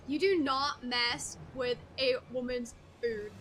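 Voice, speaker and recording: A woman giving live gaming stream commentary with excitable, laughing exclamations. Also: high voice, takes it slowly, hardly any pauses, a little hiss or hum.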